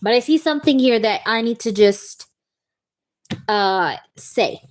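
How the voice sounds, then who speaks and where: Chatty tarot reader woman, higher voice. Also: animated, unhurried. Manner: chatty, reassuring, repeats "okay?" and "baby". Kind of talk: live-stream tarot reading.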